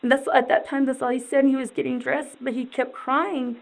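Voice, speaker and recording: A distraught, dazed woman answering questions in a police interview, halting and rambling and repeating herself. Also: high-pitched, little pitch movement, rough recording.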